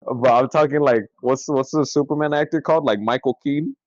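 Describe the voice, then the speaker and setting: A young man co-hosting a podcast in casual chat, excitable and quick to swear and laugh. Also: medium pitch, no echo. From California. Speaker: podcast co-host. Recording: dry, dull lo-fi sound.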